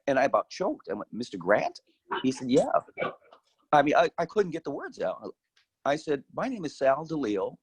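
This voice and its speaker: A man's voice: medium pitch, no room sound, low-quality recording. An older man, a guest speaker, telling his life story in a candid, folksy way. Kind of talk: personal storytelling.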